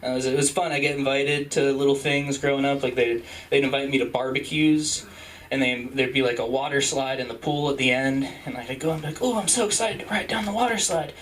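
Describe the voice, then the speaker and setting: A young man from Utah doing rambling, self-deprecating stand-up at an open mic, jumping into high squeaky voices for the people he quotes. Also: flat delivery, brisk, a bit bright, distant mic, a little hiss or hum, poor audio. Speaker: stand-up comedian. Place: comedy club stage.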